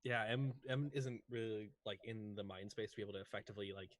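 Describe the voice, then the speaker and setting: A man playing a tabletop game, talking casually and quickly about his character. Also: lowish voice. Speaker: player.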